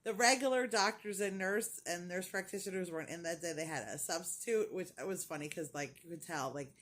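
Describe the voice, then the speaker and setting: A woman's voice: on the low side, a little fast, a bit bright. Chatty woman telling a laughing story. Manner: chatty storyteller, laughs often, acts out voices in quotes. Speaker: crochet vlogger. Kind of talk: casual chat.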